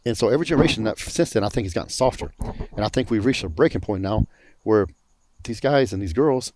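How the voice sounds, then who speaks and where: A man's voice: on the low side, lively intonation, fast talker, darkish tone. A middle-aged man, telling stories bluntly and cursing freely in a casual panel chat. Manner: blunt, profane storytelling. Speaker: pro bodybuilder on a panel.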